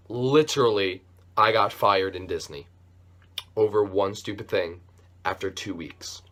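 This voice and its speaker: A young man telling a casual story-time vlog as a YouTuber, with animated, jokey delivery. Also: lowish voice, unhurried.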